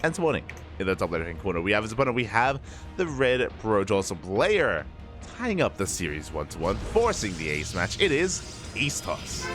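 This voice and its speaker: A man's voice: on the low side, normal speed, over loud music. Drowsy man casting a video game match. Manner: excitable, drowsy between fights. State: just woke up, slurring. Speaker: esports caster. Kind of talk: live game commentary.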